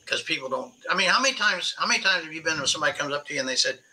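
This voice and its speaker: A man in his sixties with a very bright, forceful voice, pitched a little high for a man. He tells stories in a spirited, emphatic way as a guest in a casual interview. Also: rapid-fire, rough recording. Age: 60s. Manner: animated storyteller, spirited and emphatic. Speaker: podcast guest, veteran angler.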